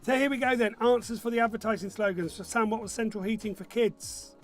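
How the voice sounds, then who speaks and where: A man's voice: high voice, fast talker, soft background music. A man hosting an online pub quiz in a chatty, jokey way, reading out answers and team scores. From northern England. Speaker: quiz host.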